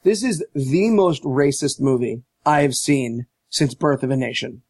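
A man casually recapping a movie on a podcast, animated and profane, mocking as he tells it. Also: medium pitch, measured pace, dry recording. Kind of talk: casual chat.

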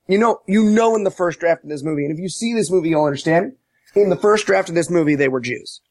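A man casually recapping a movie on a podcast, animated and profane, mocking as he tells it. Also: a little high, no echo. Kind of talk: casual chat.

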